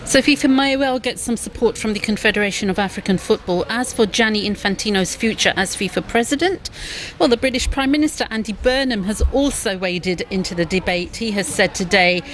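Lady doing the sports bit on a news show, clear and brisk. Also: medium pitch, slight background noise. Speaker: sports reporter. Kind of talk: broadcast news sports report.

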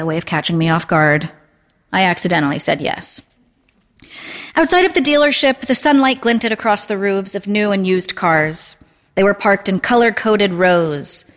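A woman in her thirties reading a literary story aloud in a dry, understated, deadpan manner. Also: lowish voice, in a large hall. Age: 30s. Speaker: narrator.

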